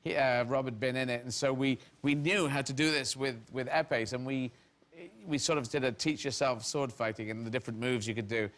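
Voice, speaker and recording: A man's voice: mid-range voice, steady tone, fairly quick, a bit bright. A middle-aged man from England, a comedian guest on a talk show, telling rambling stories that he often breaks off and laughs through. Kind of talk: anecdotal talk show storytelling.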